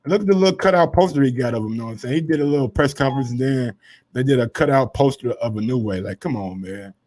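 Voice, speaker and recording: A man hosting a casual sports commentary show, brash and profane, swinging from low asides to loud heated rants. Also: fast.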